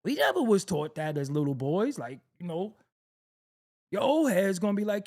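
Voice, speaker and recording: Lively, laughing male reaction host. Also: high-pitched, moderate pace. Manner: animated and joking, laughs often, swears freely. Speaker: host reacting to video clips. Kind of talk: casual reaction commentary.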